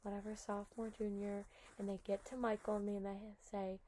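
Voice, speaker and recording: A young adult woman hosting a podcast, telling stories in a chatty, animated way full of "like" and "oh my God". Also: medium pitch, brisk. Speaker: podcast host. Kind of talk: casual storytelling.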